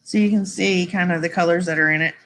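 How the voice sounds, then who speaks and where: A woman's voice: on the low side, fairly even intonation, fast, fairly bright tone. A woman hosting a casual live stream, chatting and rambling to her viewers, laughing often and saying y'all.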